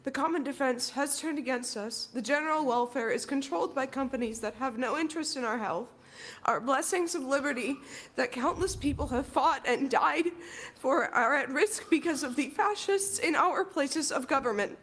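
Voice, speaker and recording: A young woman student with a high-pitched voice reads a prepared statement. She is earnest and declamatory, and she sounds emotional, close to tears. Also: moderate pace, fairly bright tone. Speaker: student speaker at public comment. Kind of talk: reading a prepared public statement.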